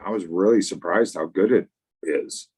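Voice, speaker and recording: Middle-aged male co-host, easygoing live chat, lowish voice, trips over his own words. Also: moderate pace, darkish tone, husky. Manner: rambling, repeats words when starting sentences. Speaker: podcast co-host.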